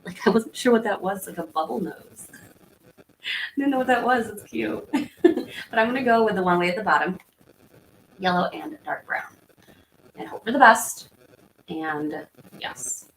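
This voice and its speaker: A woman's voice: mid-range voice, animated, unhurried, long pauses, fairly bright tone. Chatty woman streaming from an echoey room. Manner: chatty, rambling, reads out and answers viewer comments. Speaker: livestream host. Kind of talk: casual livestream chat. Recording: echoey room with faint background hum.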